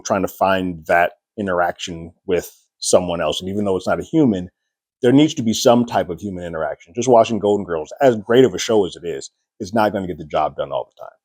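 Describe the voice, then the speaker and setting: Low-voiced man chatting through a TV review. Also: dry recording, studio quality. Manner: chatty and animated, laughing at the story. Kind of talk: casual spoken episode review.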